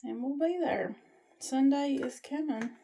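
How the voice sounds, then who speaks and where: Woman, high voice, unhurried delivery, casual vlog pep talk, homespun and faith-based. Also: gravelly, noisy background. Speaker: vlogger.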